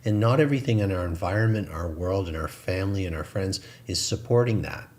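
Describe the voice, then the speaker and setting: A man's voice: low-pitched, lively intonation, fairly quick, a little mellow. A man co-hosting a spiritual talk show, chatting earnestly and laughing at himself. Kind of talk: casual spiritual chat.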